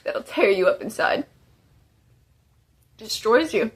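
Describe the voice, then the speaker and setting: A woman's voice: a little high, lively intonation, takes it slowly, breathy edge. A woman giving emotional testimony as a former inmate, urgent and pleading. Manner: urgent, pleading, tearful at times.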